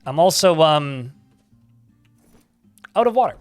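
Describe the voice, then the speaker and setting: A fairly high-voiced man talks through a live game stream, reading game text aloud and cursing offhandedly. His delivery swings up and down with lots of life. The sound is dry and close, with faint music underneath. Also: expressive, slow pace, dry recording. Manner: chatty, reads game text aloud, swears casually. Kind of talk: live gameplay commentary.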